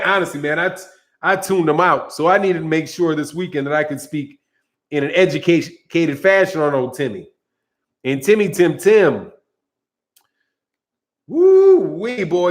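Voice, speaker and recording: A man with a high-pitched voice hosts a boxing live stream. He talks loosely and jokes with his viewers, reading their chat and answering it on the spot. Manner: loose, joking, talks straight to chat, frequent laughs. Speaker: boxing channel host.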